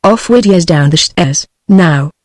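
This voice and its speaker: A synthetic woman's voice with a British accent, reading the lines of a kindly, brisk old male priest in a text-to-speech audiobook. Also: fairly low pitch, expressive, a little mellow, no room sound. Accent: British English.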